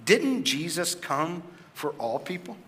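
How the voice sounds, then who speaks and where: A man's voice: a little high, big pitch swings, slow, fairly bright tone, a little hiss or hum. A man preaching a sermon as pastor, in a conversational way that keeps asking the congregation questions. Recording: long hall reverb.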